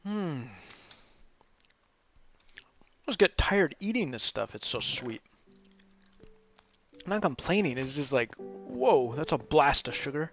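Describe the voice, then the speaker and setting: A man's voice: on the high side, expressive, takes it slowly, long pauses, a bit bright, soft background music. A man hosting a live game stream, chatting casually and rambling, often breaking into laughs. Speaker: host of a live gaming stream. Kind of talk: casual gameplay commentary.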